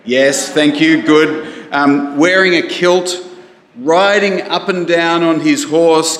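Slow-spoken preacher in an echoey hall. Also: male voice, on the high side, fairly bright tone. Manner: conversational, asks the congregation questions. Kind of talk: sermon. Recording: echoey hall, live stream.

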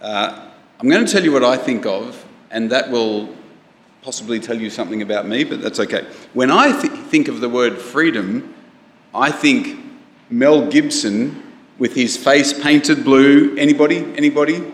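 A man's voice: medium pitch, expressive, normal speed. A man preaching a sermon in a conversational way, asking the congregation questions, recorded for a live stream. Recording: echoey hall, live stream.

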